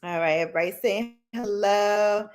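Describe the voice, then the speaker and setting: A woman hosting a casual live stream, chatty and slangy, often calling out greetings to viewers in a loud, high voice. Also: moderate pace. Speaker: livestream host.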